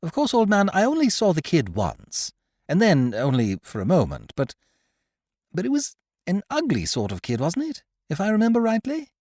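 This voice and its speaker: A man voicing a breezy, jolly young upper-class gentleman with chirpy chatter. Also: high-pitched, huge pitch swings, moderate pace, no room sound, clean studio sound, voice pushed up, full character voice. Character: young male English toff, breezy and jolly.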